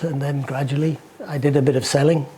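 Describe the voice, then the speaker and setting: Older English man in an interview: warm, dark tone, meandering, restarts often, faint hiss behind. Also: medium pitch, little pitch movement. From England. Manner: rambling, halting with restarts. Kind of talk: casual recollection.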